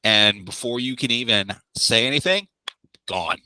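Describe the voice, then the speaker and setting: A man narrating as game master in a tabletop game, in a lively, descriptive way. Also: medium pitch, unhurried, no room sound.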